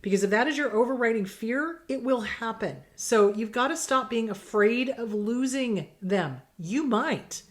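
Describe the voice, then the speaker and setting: A woman's voice: fairly high pitch, lively intonation, a little slow, hardly any pauses. A middle-aged woman therapist giving blunt, emphatic advice in casual talk, acting out quoted exchanges. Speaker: therapist host answering viewer questions.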